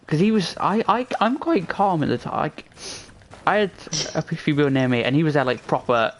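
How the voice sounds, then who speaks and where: A man's voice: a little high, sing-song, fairly quick, slight background noise. A young man chatting casually with a friend, telling stories full of swearing and laughter. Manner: swearing storyteller, laughs often. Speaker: gaming channel host.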